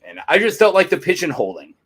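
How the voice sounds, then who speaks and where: A man's voice: high-pitched, huge pitch swings, fast, a bit bright, breathy edge. A man co-hosting a fan podcast, chatting casually and rambling through his opinions. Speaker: podcast co-host.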